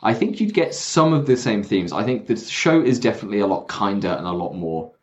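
A man's voice: fairly low pitch, lively intonation, a little fast, highs cut off. A man co-hosting a podcast in casual, jokey chat. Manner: easygoing, jokey, chatty. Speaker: podcast co-host.

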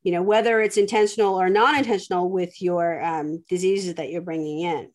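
A woman's voice: on the low side, steady tone, brisk. A woman hosting a podcast, telling a story in casual chat, rambling with lots of fillers and restarts. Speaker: podcast host.

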